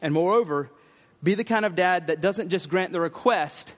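A man preaching a sermon as pastor, animated, acting out the lines of the people in his text. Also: high voice, moderate pace, long reverb tail. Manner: animated, acts out Bible figures' lines.

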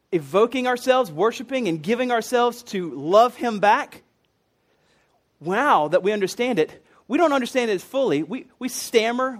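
A man with a high-pitched voice delivering a sermon. He talks conversationally and earnestly, dropping casual asides and fillers as he explains his points. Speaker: preacher.

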